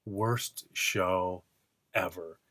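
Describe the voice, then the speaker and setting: A man's voice: low voice, very slow, pushed and bright, dry recording. A man vlogging from his art studio, ranting casually in a sarcastic, profane, mocking way. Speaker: vlogger and artist.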